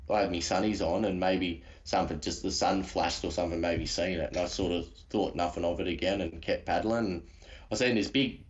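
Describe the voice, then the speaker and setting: Deep-voiced Australian man, lo-fi call. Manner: rambling, slangy, many restarts. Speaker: guest caller. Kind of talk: casual storytelling.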